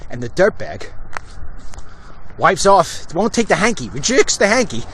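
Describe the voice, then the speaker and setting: A man hosting a walk-and-talk vlog, telling animated stories and slipping into mocking impressions as he walks outdoors. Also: high voice, measured pace, slight background noise. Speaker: host. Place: outdoors, walking.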